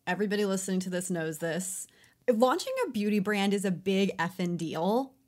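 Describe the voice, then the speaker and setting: A woman's voice: medium pitch, normal speed. A woman hosting an interview, asking questions in a playful, enthusiastic way. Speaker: interview host. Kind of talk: casual interview chat.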